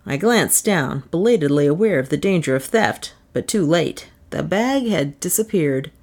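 A woman reads a story aloud in a low-pitched, very animated voice, and her lines rise and fall a lot. Afterward she slips into a relaxed, chatty comment on the tale. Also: moderate pace. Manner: expressive, animated reading. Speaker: story reader. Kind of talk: storybook narration, then casual commentary.

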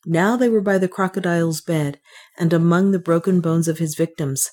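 A woman with a low voice narrates an adventure novel as an audiobook. She tells the story in a measured, steady manner. Her delivery stays even from line to line. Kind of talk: scripted narration.

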